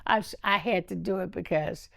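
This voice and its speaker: An older woman as an interview guest, telling candid stories in an animated way, laughing often and acting out what others said. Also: lowish voice, a little fast, vocal fry. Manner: animated, laughs often, acts out quoted speech. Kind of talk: candid storytelling.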